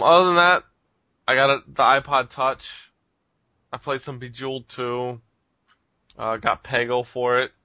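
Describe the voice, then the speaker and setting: A man's voice: mid-range voice, dry recording. Rambling man on a dull, dry mic. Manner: rambling, chuckles often, lots of ums. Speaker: podcast host reviewing games. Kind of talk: casual chat.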